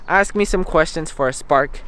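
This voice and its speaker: A man's voice: fairly high pitch, moderate pace, a bit bright, clear, resonant tone. A young man in a casual tech vlog review, chatty and filling his talk with "basically". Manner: chatty, says "basically" a lot. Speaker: tech vlogger.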